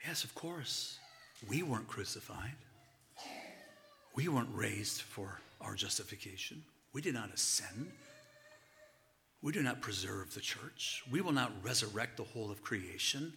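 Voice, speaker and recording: Male pastor, sermon delivery, sharp bright tone, hushed whispers for emphasis. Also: mid-range voice, animated, unhurried. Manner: chuckles between points.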